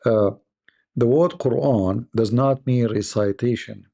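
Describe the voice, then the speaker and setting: A man reacting to a clip with mocking, rambling commentary in broken English. His voice is gravelly, husky and mellow. He keeps circling back to his own point. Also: medium pitch, slow pace. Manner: sarcastic, non-native grammar, rambling asides.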